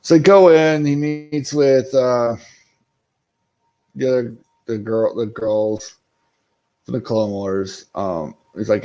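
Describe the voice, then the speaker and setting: A man's voice: medium pitch, measured pace, mellow. Rambling foul-mouthed man on a livestream. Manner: rambling, swears a lot, talks to chat. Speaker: livestream host recapping a show episode. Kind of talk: casual unscripted live-stream chat.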